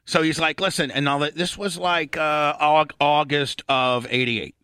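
A middle-aged man from Indiana hosting a radio talk show, telling a long story, swearing freely and clearing his throat often. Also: fairly high pitch, fairly even intonation, measured pace, bright, forceful tone, dry recording, studio quality.

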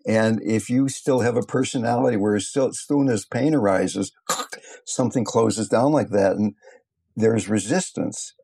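An older man, a meditation teacher, giving a gentle, thoughtful talk and telling stories along the way. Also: on the low side, measured pace, gravelly, slightly rough. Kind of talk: reflective talk with storytelling.

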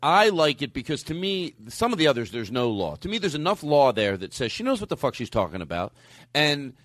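A man's voice: medium pitch, a little fast, no echo. A middle-aged man hosting a comedy podcast, rambling and laughing as he chats. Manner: animated, rambling, laughing often. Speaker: podcast host. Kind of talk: casual comedy chat.

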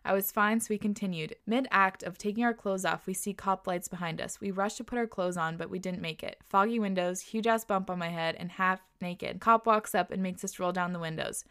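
A woman's voice: medium pitch, brisk, few pauses, fairly bright tone, smooth. A woman hosting a podcast, reading listener stories aloud and reacting with laughter and casual swearing.

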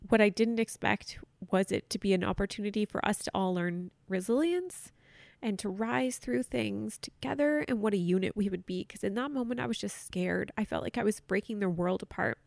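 A woman in her thirties tells her own story on a podcast, her voice full of vocal fry and a gravelly edge. She speaks candidly and sounds choked up, close to tears. The recording is dry and close, with no room sound. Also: medium pitch, moderate pace, darkish tone, dry recording. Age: 30s. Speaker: podcast host. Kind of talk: personal storytelling.

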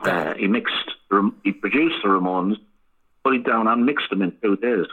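Male rock musician guest, husky low voice, swears freely, phone-line sound. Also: moderate pace. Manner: swearing, laughing anecdotes. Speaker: band frontman guest. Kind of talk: casual storytelling interview.

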